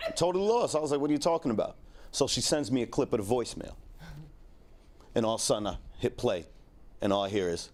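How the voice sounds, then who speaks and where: A man's voice: medium pitch, lively intonation, quick pace, long pauses, darkish tone, slight background noise. A man in his thirties doing a stand-up set in a laid-back, rambling, crude way, full of fillers. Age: 30s. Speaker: stand-up comedian.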